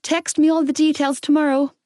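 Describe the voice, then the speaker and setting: A woman's voice: sits high, level tone, fairly quick, a little mellow, no echo, studio quality, pitched above the performer's own voice, lightly acted. A woman voicing a teasing young woman, the narrator's best friend, with a wry manner.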